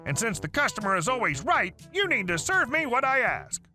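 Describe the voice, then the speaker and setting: A man voicing a young, entitled woman customer who yells and demands things indignantly in a read-aloud story. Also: very high-pitched, wildly swooping pitch, fairly quick, faint music behind, pitched above the performer's own voice, heavily acted. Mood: screaming. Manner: yelling, indignant.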